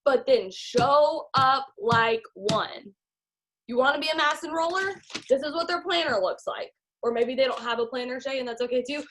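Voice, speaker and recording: A young woman who leads a sales team, giving an energetic, emphatic motivational talk on a live call. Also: sits high, moderate pace, slight background noise. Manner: energetic, emphatic, acts out her own past complaints. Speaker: team leader in direct sales.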